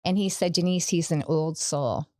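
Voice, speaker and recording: A middle-aged woman gives a personal testimony as a podcast guest, earnest and story-driven. Her voice sits a little low. The sound is dry and close. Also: moderate pace, darkish tone, no room sound. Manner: earnest storytelling, acts out quoted dialogue.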